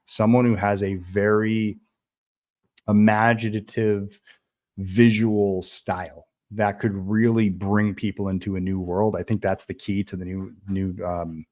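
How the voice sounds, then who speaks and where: Host, thirties man, lowish voice, blunt and profane, rambling chat over fan questions. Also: flat delivery, unhurried, a little mellow. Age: 30s. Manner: blunt, swears freely, rambling with many fillers. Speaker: filmmaker hosting a livestream Q&A. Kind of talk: casual livestream chat reading fan comments.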